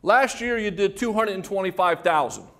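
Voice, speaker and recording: High-voiced older man giving a sales keynote. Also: normal speed. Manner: animated storytelling, acts out quoted voices; punchy rhetorical questions to the crowd. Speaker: motivational sales speaker. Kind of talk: keynote speech to an audience.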